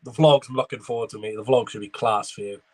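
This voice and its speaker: A man's voice: lowish voice, quick pace. A young man talks over a live football match. He chats casually, calls the play as it happens and answers messages from his viewers in between. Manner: chatty running commentary, reading out viewer messages. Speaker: football watchalong streamer. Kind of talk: live match reaction with chat replies.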